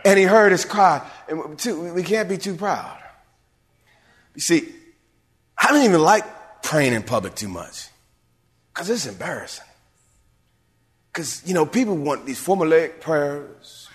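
Male pastor preaching in a big echoing sanctuary, fairly high voice with a wide range. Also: lively intonation, measured pace, pauses often. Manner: preacherly call-and-response, swinging between hushed and shouted. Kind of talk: sermon. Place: church sanctuary. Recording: long hall reverb.

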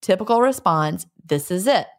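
A woman's voice: lowish voice, expressive, normal speed. A middle-aged woman co-hosting a podcast, chatting casually, laughing and trying out regional phrases from listener letters. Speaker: podcast co-host. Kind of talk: casual chat, reading listener mail. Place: lives in a beach resort town.

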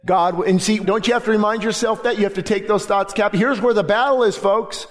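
A pastor preaches with fervent, emphatic drive, stacking repeated phrases for weight. His voice sits high for a man. The sound rings with the long reverb of a large church hall. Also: steady tone, brisk. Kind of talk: sermon. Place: church sanctuary.

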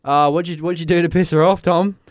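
A man's voice: fairly high pitch, fairly even intonation, a little fast, no echo. Teasing young Australian man, dry close sound. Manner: joking, teasing. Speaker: podcast co-host. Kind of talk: casual chat.

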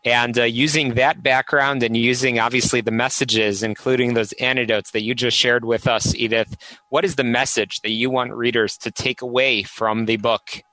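Bright-voiced male interview host. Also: medium pitch, steady tone, normal speed, no echo, low-quality recording. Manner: upbeat, with many fillers. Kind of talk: interview hosting.

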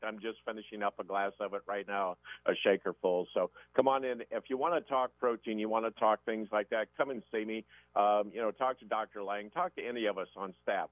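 A man's voice: lowish voice, no room sound. A man co-hosting a radio show, telling a folksy story and repeating "like that". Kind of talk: anecdotal radio chat. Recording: tinny phone line.

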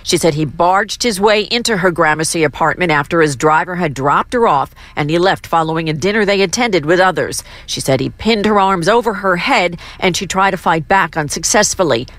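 A woman reporting a radio news story in a measured, serious manner. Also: on the low side, lively intonation, a bit bright, no echo.

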